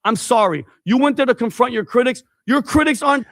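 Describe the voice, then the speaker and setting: A man speaks on a panel in a played clip, blunt and insistent as he pushes his point. His voice is unusually high for a man. The recording is dry and close. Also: animated, a little fast, fairly bright tone, no echo. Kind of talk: opinionated panel talk.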